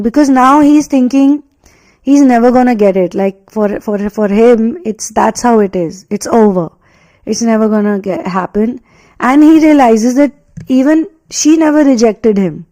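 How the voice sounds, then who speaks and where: A woman with an Indian English accent delivers an earnest spiritual reading. Her voice is fairly high and soft, warm and dark-toned. She talks in circles, restating points with fillers as she goes. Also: unhurried, poor audio. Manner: earnest, repetitive, emphatic phrasing with many fillers. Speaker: tarot and energy reader.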